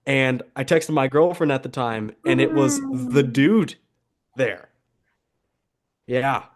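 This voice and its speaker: A young man on a casual podcast, calmly telling a personal anecdote with some fillers. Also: medium pitch, slow pace.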